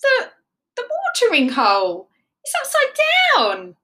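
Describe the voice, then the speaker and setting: A woman's voice: huge pitch swings, slow, sharp tone, exaggerated voice. A woman doing a timid little boy dinosaur. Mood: startled. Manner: high childlike voice, stammers when startled. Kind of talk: children's storytelling.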